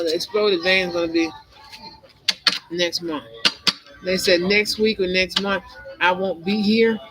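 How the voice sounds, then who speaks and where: A woman hosts a spiritual vlog in a loose, meandering monologue full of conspiracy talk and stray laughs. Her voice sits at a middling pitch. Music plays clearly behind her. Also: low-quality recording. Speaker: tarot and spiritual channel host. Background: music playing.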